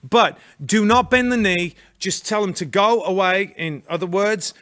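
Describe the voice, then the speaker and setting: A man's voice: sits high, unhurried, fairly bright tone. A man with a British accent giving fervent, rallying political commentary. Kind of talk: political talk show chat.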